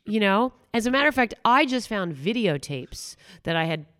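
A woman's voice: medium pitch, expressive, normal speed, fairly bright tone, clean tone. A middle-aged woman guest on a podcast, telling rambling anecdotes in casual chat, with lots of fillers and restarts. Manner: chatty anecdotal storyteller, many fillers and restarts.

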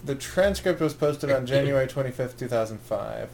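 A man's voice: mid-range voice, animated, normal speed, gravelly, a little mellow. Guy cohosting a podcast, jokey, trails off a lot, bit of hiss in the background. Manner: rambling, joking, trailing off. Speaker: podcast co-host. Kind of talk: casual chat.

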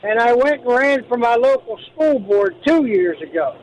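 A man's voice: very high-pitched, lively intonation, moderate pace, poor audio. A man from Pennsylvania, a truck driver, calling in to a radio show from the road, talking earnestly with stumbling restarts. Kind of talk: phone-in call. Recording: call from a moving truck, faint road noise.

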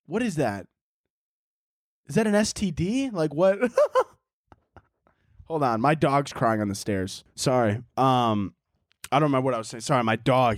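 A young man hosting a casual solo podcast from home, ranting in a profane, animated way and mocking people with quick impressions. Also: mid-range voice, no echo, clean studio sound. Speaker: podcast host. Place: indoors at home.

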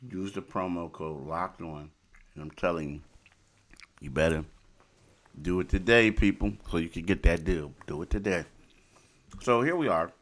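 A man with a very low voice talks casually on a podcast. He is animated and emphatic, often repeating phrases. He slides loosely between chat and sponsor reads. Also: moderate pace. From Philadelphia. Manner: animated, repetitive, emphatic asides. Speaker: podcast host.

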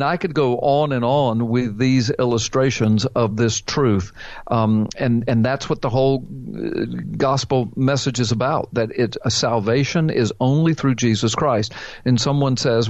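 A man preaches emphatically, quoting scripture and then asking and answering his own questions. The recording is dry and a bit muffled, with a middle-pitched voice. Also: no room sound. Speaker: pastor answering a caller. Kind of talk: preaching Bible teaching on call-in show.

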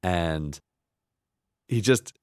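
A man's voice: sits low, expressive, extremely slow, clear, resonant tone, no echo, clean studio sound. A man co-hosting a podcast, talking through a book in a casual, enthusiastic way, full of "like" and restarts, sometimes teasing his co-host. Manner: enthusiastic, filler-heavy, teasing.

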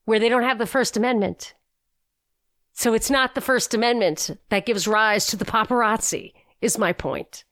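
A woman's voice: a little high, normal speed, a bit bright, no echo. A woman co-hosting a casual podcast, chatty and opinionated, often restarting her sentences. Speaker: podcast co-host.

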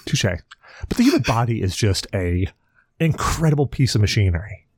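A man's voice: fairly low pitch, sing-song, normal speed, husky, no echo. Profane rambling man, dry close sound. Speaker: podcast co-host. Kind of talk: casual chat.

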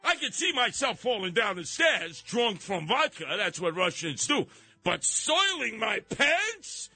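A man's voice: high-pitched, very animated, measured pace, sharp tone, soft background music, voice pushed up, exaggerated voice. A man doing a comic impression of an indignant Russian strongman. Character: boastful Russian strongman mocking rumors, older man.

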